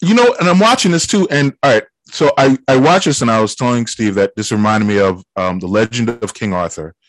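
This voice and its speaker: A man's voice: medium pitch, expressive, brisk, no echo, poor audio. A man co-hosting a podcast, chatting about films in a laid-back, slangy way and laughing often. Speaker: podcast co-host. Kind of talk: casual film chat.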